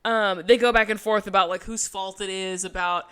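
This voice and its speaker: A woman's voice: mid-range voice, fairly even intonation, normal speed, fairly bright tone, clear, resonant tone. Sarcastic woman podcast co-host. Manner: sarcastic, quotes people in mocking voices. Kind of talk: casual recap chat.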